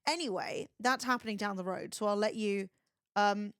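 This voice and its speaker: A woman's voice: mid-range voice, normal speed, fairly bright tone, clear, resonant tone, no echo, studio quality. A young woman streaming, retelling gossip in a sweary, chatty way. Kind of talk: casual livestream chat.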